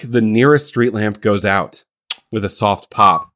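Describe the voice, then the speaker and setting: A man's voice: fairly low pitch, fairly bright tone. A man co-hosting a comedy podcast, chatting casually, reading the narration aloud and often mocking himself. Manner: self-mocking, quick to laugh.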